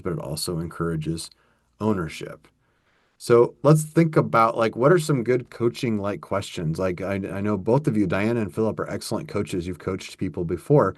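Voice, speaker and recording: A man with a lowish voice co-hosts a workplace podcast. He talks casually, telling stories and acting out what people said. The sound is close and dry. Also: lively intonation, moderate pace, no echo. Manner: storytelling with acted-out quotes, conversational. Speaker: podcast co-host.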